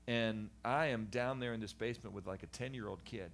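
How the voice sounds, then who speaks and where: A middle-aged man, a guest in a conversation, giving a candid personal testimony about his past in an animated, earnest way with frequent restarts. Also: lowish voice, fairly quick, gravelly. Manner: animated storyteller, acts out voices of people in his story. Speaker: guest sharing his life story.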